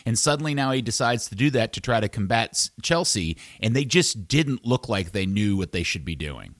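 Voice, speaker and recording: Lively low-voiced podcast host, man. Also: moderate pace, dry recording, studio quality. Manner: leads the conversation, sets up topics and results. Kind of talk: casual sports podcast hosting.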